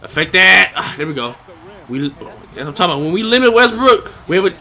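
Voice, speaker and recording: A young man giving live commentary over his own basketball video game, reacting loudly to each play and talking to the players and his viewers. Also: sits high, very animated, fairly quick, vocal fry. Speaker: gaming YouTuber.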